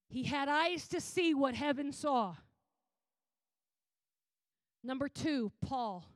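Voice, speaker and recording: High-voiced woman preacher, dry sound. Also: dry recording. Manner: animated, casual storytelling with slang. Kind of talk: sermon.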